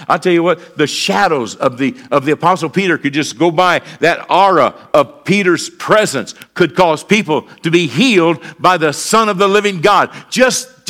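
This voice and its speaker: A man's voice: fairly high pitch, fairly bright tone. A middle-aged man, preaching a sermon in a folksy style full of repeated phrases and asides. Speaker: pastor.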